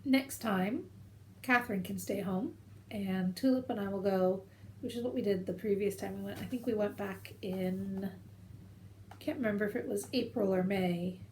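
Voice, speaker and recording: A woman's voice: mid-range voice, normal speed, a little mellow, a little hiss or hum. A woman in her thirties chatting casually at home as the host of a knitting video show, rambling from one story to the next. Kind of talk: casual chat to camera.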